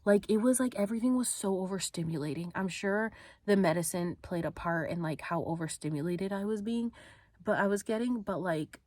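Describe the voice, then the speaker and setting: A woman's voice: medium pitch, fairly quick, a little mellow, dry recording. A woman vlogger casually telling a personal story, rambling and filling it with "like". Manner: rambling, heavy use of "like", acts out quotes.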